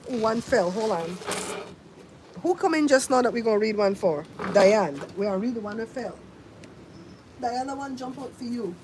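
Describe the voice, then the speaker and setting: An older woman runs a casual livestream outside, where faint wind noise can be heard. She calls viewers by name, spins stories, and mimics sounds in a fairly high, animated voice at a moderate pace.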